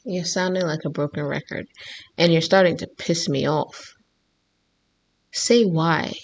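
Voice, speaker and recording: A woman's voice: deep voice, fairly even intonation, a little slow. Female reaction host, conversational commentary, teasing and exasperated. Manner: talks back at the screen, teasing and exasperated.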